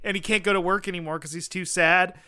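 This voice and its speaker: A man's voice: sits high, fairly even intonation, fast talker, pushed and bright, smooth. A man hosting a casual comedy podcast, rambling through absurd bits and laughing often. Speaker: podcast host.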